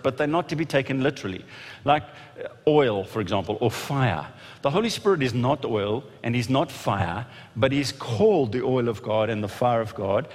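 A male pastor preaching a sermon, animated, often acting out quoted voices with restarts. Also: mid-range voice, long reverb tail.

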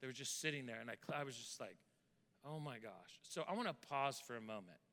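Earnest pastor in reverberant church hall. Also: male voice, mid-range voice, lively intonation, fast talker, a bit bright. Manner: earnest storytelling, repeats words when moved. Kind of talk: sermon with testimony and prayer.

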